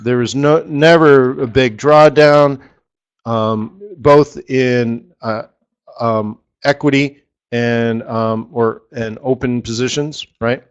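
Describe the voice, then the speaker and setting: A man's voice: mid-range voice, steady tone, slow pace, smooth, muffled recording. A middle-aged man hosting a live forex strategy session, rambling and repeating words for emphasis. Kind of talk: live trading webinar talk.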